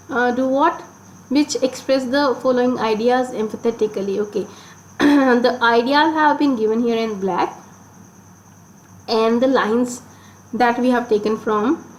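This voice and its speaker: A woman's voice: fairly high pitch, a little hiss or hum, low-quality recording. A woman teacher, patiently explaining a grammar lesson and repeating each point step by step.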